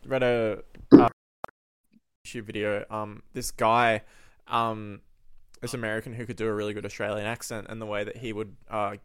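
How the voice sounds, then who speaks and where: A man's voice: lowish voice, flat delivery, moderate pace, long pauses, clear, resonant tone, no room sound. Young guy cohost, rambly stories, lots of um, on a voice call. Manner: rambling anecdotes with many ums. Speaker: podcast co-host. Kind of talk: casual chat. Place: online voice call.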